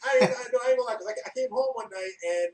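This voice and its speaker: Animated storytelling man, high, roomy. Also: rapid-fire. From New York. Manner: animated, acts out quotes, laughs often. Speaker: podcast guest, former wrestler. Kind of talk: casual storytelling chat. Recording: roomy, from a distance.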